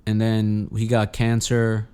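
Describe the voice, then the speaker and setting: A man talks through a long personal story in a loose, rambling way, swearing often and restarting his sentences. His voice sits low and sounds smooth and clear. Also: completely flat delivery, takes it slowly, warm tone. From Los Angeles. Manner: profane, rambling, frequent restarts. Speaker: podcast guest. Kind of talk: casual storytelling.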